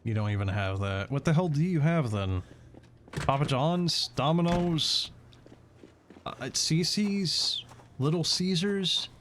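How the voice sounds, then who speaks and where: A man's voice: on the high side, expressive, slow pace, fairly bright tone, a little hiss or hum. A man from Washington state casually chatting and swearing on a gameplay stream, often repeating words. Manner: profane, rambling, repeats words.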